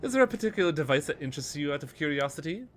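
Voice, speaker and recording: A man voicing a cultured, smooth-talking male Russian smuggler who is polite, measured and faintly menacing. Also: on the high side, big pitch swings, slight background noise, pitched above the performer's own voice. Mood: charming.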